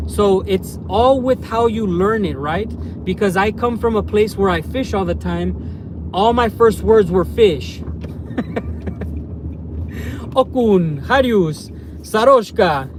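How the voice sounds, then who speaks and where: A man's voice: high-pitched, animated, unhurried, background noise. A man from the United States chatting casually on a live stream while out in a small town, rambling and often ending phrases with "man".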